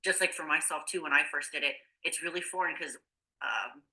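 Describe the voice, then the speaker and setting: Very bright-voiced woman explaining nutrition. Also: low voice, fairly quick, rough recording. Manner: explanatory, with many fillers and restarts. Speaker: nutrition coach. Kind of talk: casual podcast chat.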